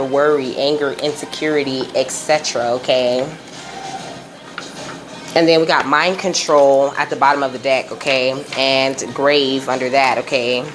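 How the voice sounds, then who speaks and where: A woman giving a casual tarot reading, chatty and slangy, laughing often. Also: sits low. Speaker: tarot reader.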